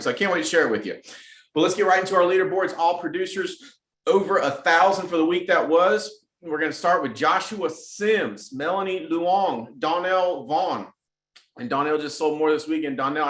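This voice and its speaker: A middle-aged man leading a weekly motivational sales meeting, energetic and repeating phrases for emphasis. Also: on the high side, roomy sound. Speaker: sales team leader hosting a weekly message. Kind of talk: motivational team address.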